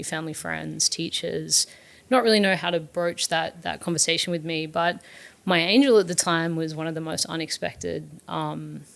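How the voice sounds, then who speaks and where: This is a young woman speaking in a low register with a gravelly, creaky edge. She talks openly and earnestly as an interview guest, recalling a formative story with fillers and restarts along the way. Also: fairly bright tone. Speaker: guest, startup founder.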